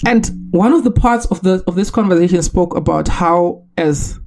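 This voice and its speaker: A man from Zimbabwe, hosting a solo podcast and making his case in an earnest, measured way with rhetorical questions. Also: high-pitched, vocal fry, a little mellow. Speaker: podcast host.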